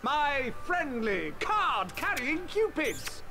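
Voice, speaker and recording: A chirpy, boastful wizard teacher. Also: female voice, high voice, big pitch swings, slow pace, over music, exaggerated voice.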